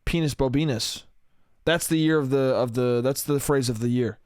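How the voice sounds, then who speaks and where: A man's voice: mid-range voice, normal speed, darkish tone, no room sound, studio quality. A young man hosting a solo podcast, rambling crudely and laughing at his own jokes. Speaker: podcast host.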